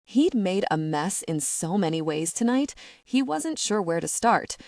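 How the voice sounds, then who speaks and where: A woman narrating a romance audiobook with a steady, expressive reading. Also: lowish voice, measured pace, no echo, clean studio sound.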